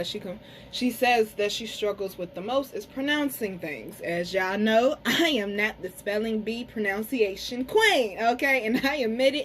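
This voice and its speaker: A woman giving a casual card reading to camera, talking frankly to her viewers, cursing freely and slowing down to say some words carefully. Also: medium pitch, slight background noise, poor audio. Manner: frank, chatty, curses freely, addresses viewers as y'all. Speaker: tarot and spiritual reader.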